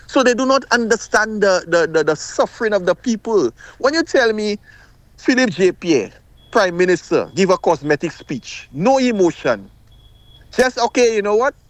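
A man's voice: high-pitched, sing-song, moderate pace, no echo. A middle-aged man, calling in to a radio talk show with impassioned, emphatic speech that often repeats itself. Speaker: caller.

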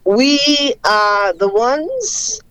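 A caller on a radio phone-in, speaking in an earnest, deliberate way with some fillers. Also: high-pitched, very animated, a bit bright, smooth, poor audio.

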